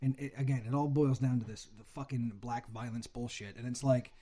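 A man's voice: mid-range voice, fairly even intonation, a little fast, dark tone. A young man ranting heatedly with lots of swearing in a casual chat.

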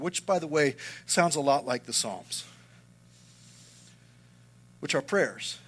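Earnest bright-voiced middle-aged male pastor. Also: a little high, normal speed. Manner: earnest, swings from loud to hushed. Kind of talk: sermon with personal story.

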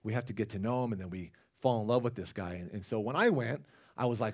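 A man's voice: lowish voice, animated, fast talker. Man giving a rambling casual sermon. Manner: conversational, rambling with restarts and asides. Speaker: lay preacher.

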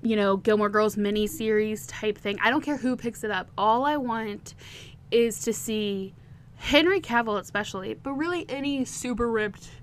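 Chatty woman recapping a book, slightly high. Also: normal speed, a little hiss or hum. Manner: chatty and candid, laughs often. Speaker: podcast host.

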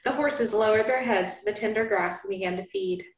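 A woman hosting a podcast, reading a romance novel aloud in a hushed, dramatic cadence. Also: mid-range voice, a little fast. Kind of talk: dramatic reading with joking asides. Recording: roomy, echoey room.

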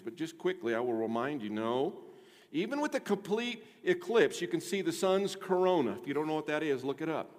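An older man preaching a sermon as pastor, conversational and rising to emphatic points with rhetorical asides to the congregation. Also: on the high side. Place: church sanctuary. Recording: long hall reverb.

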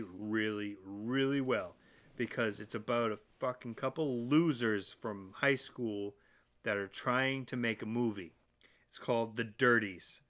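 A man's voice: mid-range voice, a bit bright. A man co-hosting a podcast in casual chat, blunt and casually swearing. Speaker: podcast co-host.

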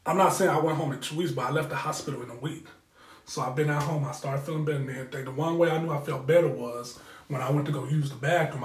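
A man telling a story in a candid, profane, rambling way, often repeating himself as he hosts his own show. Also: medium pitch. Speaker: podcast host. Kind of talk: casual storytelling. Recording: roomy echo.

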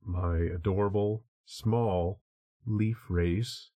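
A man's voice: lowish voice, steady tone, very slow, dark tone. A man co-hosting a podcast, chatting in a wry, amused, self-deprecating way. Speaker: podcast co-host. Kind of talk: casual chat.

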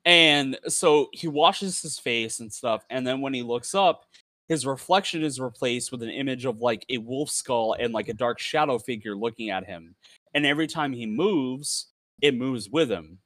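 A man telling a story in casual chat among friends, relaxed and swearing freely. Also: mid-range voice, normal speed, no room sound.

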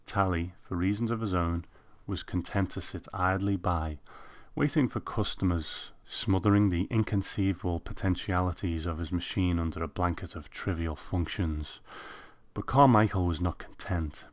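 Deep-voiced male audiobook narrator. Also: normal speed, dry recording.

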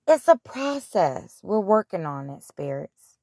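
Woman host, unhurried delivery, dry close sound, blunt and profane. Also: lowish voice, no echo. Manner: animated, blunt, profane, retelling scripture in her own words. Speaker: podcast host. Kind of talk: casual spiritual monologue.

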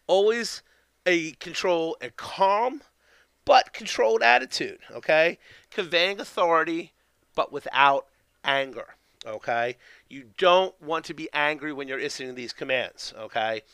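A man's voice: a little high, lively intonation, unhurried, fairly bright tone, clear, resonant tone, no room sound. A man giving a loose, conversational lesson on training a puppy, tagging nearly every point with "okay?" and trailing fillers and restarts. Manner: keeps tagging sentences with "okay?". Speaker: dog training instructor. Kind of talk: instructional talk.

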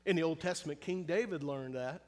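A man preaching a sermon in earnest, pressing hard on some phrases and drawing others out softly and slowly, often asking his listeners direct questions. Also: a little high. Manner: earnest preaching, shifts between loud emphasis and soft, slow, drawn-out phrases. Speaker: pastor.

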